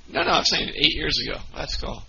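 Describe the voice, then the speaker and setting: A man's voice: fairly quick, lo-fi sound, crowd noise. A man co-hosting a podcast, teasing his partner with short, crude remarks. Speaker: podcast co-host. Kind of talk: casual podcast banter.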